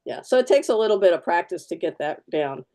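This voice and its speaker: A woman's voice: lowish voice, big pitch swings, brisk, dark tone. A woman artist giving a live fountain pen demo, chatty and practical, repeating key words for emphasis. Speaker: artist demonstrating fountain pens.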